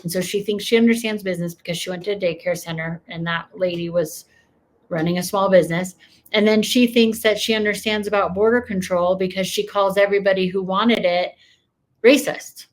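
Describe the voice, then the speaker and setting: A woman's voice: mid-range voice, steady tone, fairly quick. A woman reacting to news clips with sarcastic, increasingly heated commentary.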